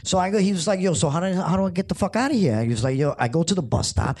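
A man telling a story casually, swearing and acting out loud impersonations. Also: sits high, lively intonation, rapid-fire, few pauses. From New York. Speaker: guest.

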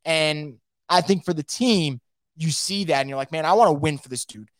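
A man hosting a casual live sports podcast, reading out viewer comments and reacting in a fast, emphatic way, often repeating his words. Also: fairly high pitch, dry recording, studio quality.

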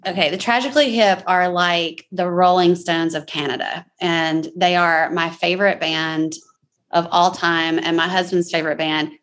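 A woman with a lowish voice interviews a guest in an easy, casual manner. She sounds eager and swears freely. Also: fairly even intonation, normal speed, a bit bright.

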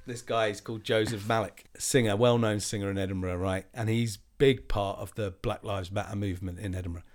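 Guy in his 40s telling a rambling story, lowish voice, gets loud and lively acting people out. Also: brisk. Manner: animated, swearing, acts out other people's lines in raised voices. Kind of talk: casual storytelling.

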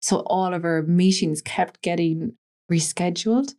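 Speaking unhurriedly in a warm, fairly low and grounded voice, a stylist from West Cork, Ireland, with a West Cork accent appears as a podcast guest. Chatty and anecdotal, she tells long stories in a casual interview, weaving in plenty of "like" and "you know."

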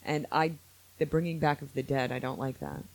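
A man hosting a podcast in casual chat, opinionated and animated, quick to laugh. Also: medium pitch. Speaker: podcast host.

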